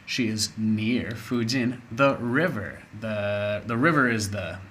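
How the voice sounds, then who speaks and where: A man's voice: lowish voice, slight background noise. A man teaching English to children, reading a story aloud and explaining words along the way. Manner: explains words slowly, expressive.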